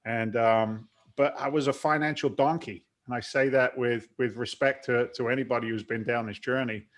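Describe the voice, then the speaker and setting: A man's voice: medium pitch, fairly even intonation, normal speed. A man in his forties from London, with an accent that blends London English and Boston, talking casually and bluntly in an interview, laughing often. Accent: London English mixed with Boston. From London, England. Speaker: guest, real estate investor.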